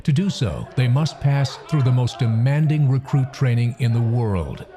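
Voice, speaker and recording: A man reading scripted documentary narration in a measured, solemn way. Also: mid-range voice, over loud music, over a noisy crowd.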